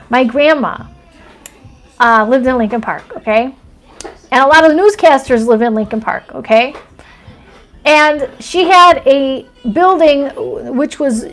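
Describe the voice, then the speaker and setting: A woman hosting a casual astrology stream, chatting and telling rambling stories with lots of fillers. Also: on the high side. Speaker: astrology channel host.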